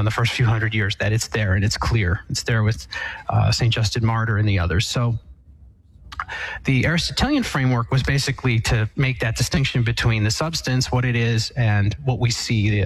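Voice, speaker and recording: A man's voice: mid-range voice, no room sound, rough recording. A man, an Eastern Catholic priest, answering a caller's question in an earnest, thoughtful way, often restarting his sentences. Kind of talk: explanatory call-in answer.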